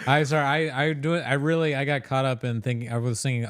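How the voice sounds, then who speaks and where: A man's voice: mid-range voice, unhurried, long pauses, dry recording, clean studio sound. A man co-hosting a casual livestream, joking crudely and laughing often as he reacts to clips.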